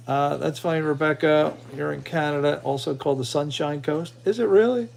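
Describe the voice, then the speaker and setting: A man's voice: a little high, normal speed, creaky, hardly any pauses, a little mellow, a little hiss or hum. A man hosting a casual livestream, chatting loosely with his viewers and an AI assistant. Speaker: livestream host.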